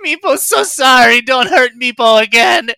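A man voicing a weepy, frightened little male kobold who begs in broken, squeaky speech in a tabletop game. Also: expressive, moderate pace, gravelly, sharp tone, smooth, no echo, exaggerated voice. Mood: terrified pleading.

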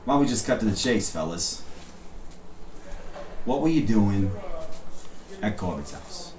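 A man voicing a weary, gruff 1920s police detective who grumbles and questions suspects sarcastically. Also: low-pitched, lively intonation, a little slow, reverberant, far from the mic, a little hiss or hum.

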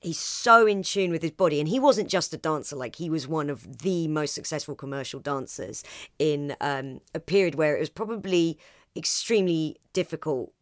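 Woman, podcast guest, animated chat, lowish voice, dry close mic. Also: moderate pace, no room sound. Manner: animated, acts out lines in voices.

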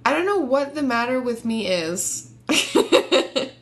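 A young woman co-hosting a casual chat, animated and laughing often, ranting with passion. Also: on the high side, normal speed.

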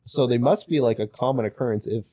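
A man co-hosts a casual podcast, joking and chiming in with relaxed banter. His voice sits in a middle pitch with a mellow, dark tone. The sound is dry and close, with no room around it. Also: fast, no room sound. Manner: joking, laid-back interjections. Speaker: podcast co-host.

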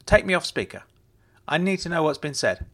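Male reader voicing a flustered, evasive actor friend on speaker, a touch higher than the narrator. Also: sing-song, brisk, vocal fry, fairly bright tone, heavily acted.

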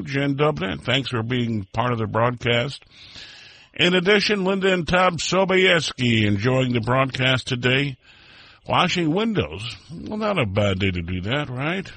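A man's voice: on the high side, sharp tone, dry recording. A man hosting a polka radio show, chatting casually and rambling through friendly greetings to listeners. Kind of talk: casual radio chat with listener shout-outs.

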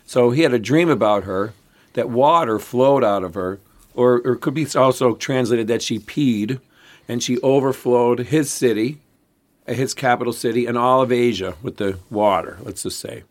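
A man's voice: mid-range voice, moderate pace. A man co-hosting a casual history podcast, telling the story in a rambling way with many restarts. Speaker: podcast co-host.

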